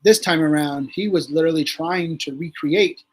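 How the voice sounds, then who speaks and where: A man's voice: fairly high pitch, moderate pace. A man, a guest on a livestream talk show, telling a story casually and acting out what people said, swearing freely. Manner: animated storyteller, acts out quotes, swears freely.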